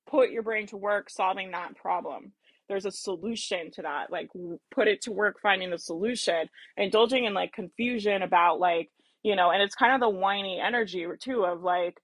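A woman's voice: medium pitch, fairly quick, a bit bright, dry recording. A woman giving a motivational business talk, emphatic and repetitive, often acting out whiny self-talk and laughing at herself. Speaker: business coach.

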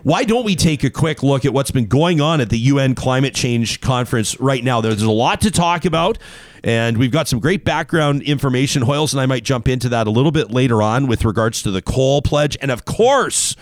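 A man's voice: medium pitch, expressive, brisk, no room sound. A man hosting a talk show, chatting in a playful, digressive monologue.

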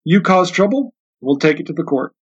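A man voicing a cold, domineering storekeeper who bullies a boy with a contract, in a slightly high, dull lo-fi recording. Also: animated, moderate pace, breathy edge. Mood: menacing. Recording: dull lo-fi sound.

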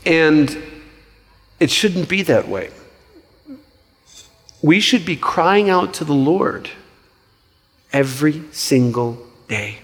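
A man preaches in a loose, conversational way, jumping into stories and asides as he goes. His voice sits a little high, and a long reverb from the church hall trails behind each phrase. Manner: conversational, animated storytelling with quick asides. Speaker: pastor. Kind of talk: sermon.

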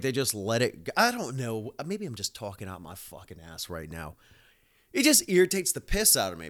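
A man's voice: mid-range voice, fairly bright tone. A man, hosting a casual podcast monologue, rambling and profane with many fillers. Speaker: podcast host.

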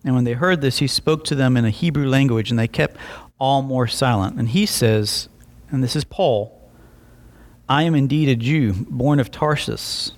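A young adult man preaching a sermon, telling stories with lively voiced asides. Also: mid-range voice, moderate pace. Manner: animated storytelling with voiced asides. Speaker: pastor.

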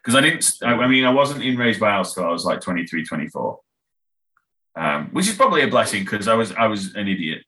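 A man's voice: on the low side, very animated, fast, sharp tone. A young man, a band member chatting as a podcast guest, rambling, laughing and swearing freely. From England. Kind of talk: casual podcast chat.

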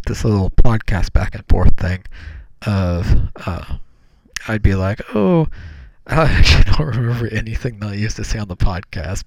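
A man's voice: fairly low pitch, a little mellow, dry recording. A young man hosting a solo podcast, meandering with fillers and self-corrections, in a small room on a podcast mic. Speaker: podcast host. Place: small room, talking into his hand. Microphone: podcast mic cupped by hand.

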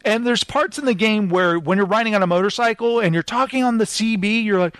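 A man's voice: sits high, fairly quick, hardly any pauses, a bit bright, no echo. A man hosting a casual podcast chat, talking in an amused, rambling way with lots of "like". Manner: chatty and amused, full of filler "like". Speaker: podcast host.

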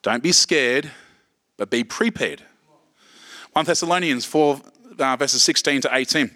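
A man's voice: medium pitch, a little slow, bright, forceful tone. A middle-aged Australian man preaching a sermon in a casual, joking way, checking in with "okay" often. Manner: casual, joking, lots of okays and restarts. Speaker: pastor.

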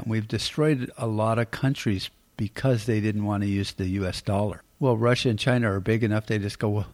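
A man's voice: lowish voice, darkish tone. A middle-aged American man hosting a podcast, giving rambling, blunt political commentary and swearing freely. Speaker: podcast host.

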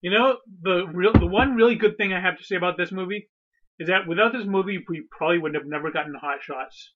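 A man's voice: sits high, quick pace, highs cut off, background noise. A man co-hosting a casual movie chat, making wry, offhand remarks. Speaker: podcast co-host.

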